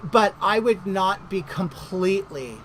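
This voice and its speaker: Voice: medium pitch, lively intonation, unhurried, fairly bright tone, a little hiss or hum, poor audio. A middle-aged vlogger telling a story in casual chat, gossipy and indignant.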